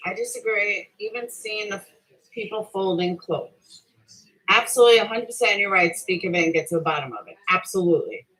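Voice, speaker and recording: A mid-range, slightly bright woman's voice moves a little fast over a rough recording. She is a middle-aged livestream host ranting combatively at her chat in a heated, casual way, cursing heavily, defending herself and repeating her point.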